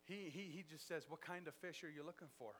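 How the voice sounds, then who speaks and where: A man preaching a sermon, telling a story with acted-out dialogue and big swings in loudness. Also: on the high side, a little fast, slight background noise.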